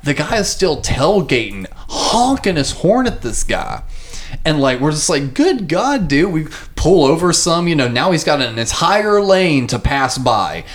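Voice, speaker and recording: A man's voice: on the high side, very animated, measured pace. A man telling a story in a casual chat, acting out the people he quotes.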